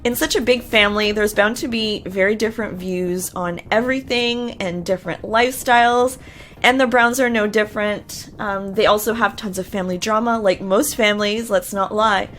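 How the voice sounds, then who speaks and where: A woman's voice: medium pitch, fairly even intonation, moderate pace, a bit bright, a little hiss or hum. A woman hosting a reality TV recap, talking casually and giving her opinions with lots of filler words.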